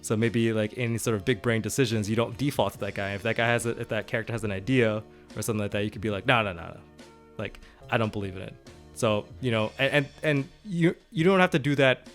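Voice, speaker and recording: A man's voice: medium pitch, fast, hardly any pauses, soft background music. A man co-hosting a podcast, talking casually about tabletop role-playing in a rambling way, with many fillers, restarts and laughs. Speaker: podcast co-host.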